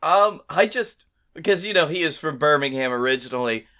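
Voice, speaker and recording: A man co-hosting a podcast, teasing his friend with wry, deadpan jokes. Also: on the high side, fairly quick. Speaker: podcast co-host. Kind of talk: casual comedic chat.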